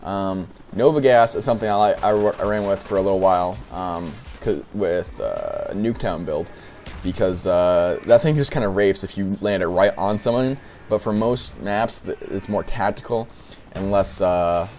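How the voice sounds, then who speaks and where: Young guy doing game commentary, lots of ums and restarts, lowish voice, bit of hiss behind. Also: moderate pace, a little mellow. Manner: hesitant, many fillers and restarts. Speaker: gamer giving commentary. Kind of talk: off-the-cuff gameplay commentary.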